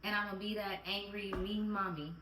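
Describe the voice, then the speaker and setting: Speaking a little fast with fairly even intonation, this mom vlogger has a medium-pitched voice that sounds pushed and bright, with slight background noise. She's earnest and candid, repeats her phrases, and at moments nearly cries during the heartfelt chat, recorded roomy and distant at home.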